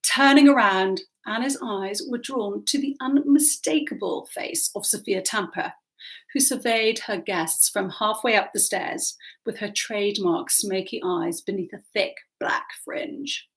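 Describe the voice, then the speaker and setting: A woman reading aloud from her own novel with a lively, expressive storytelling manner. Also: mid-range voice, a little slow. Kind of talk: audiobook narration.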